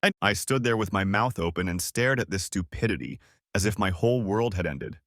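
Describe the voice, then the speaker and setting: A man's voice: low voice, animated, a little fast, a bit bright, no echo, clean studio sound. A man narrating a first-person revenge story as an audiobook, telling it expressively.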